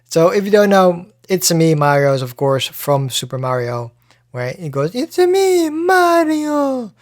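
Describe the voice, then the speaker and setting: A man's voice: fairly high pitch, steady tone, normal speed, no room sound, clean studio sound. Man hosting a casual, profane podcast. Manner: loose and profane, frequent restarts. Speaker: podcast host. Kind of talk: casual solo podcast chat.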